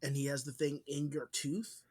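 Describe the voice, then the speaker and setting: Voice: mid-range voice, little pitch movement, normal speed, darkish tone, breathy edge. A podcast co-host in casual chat, blunt and jokey, swearing for emphasis.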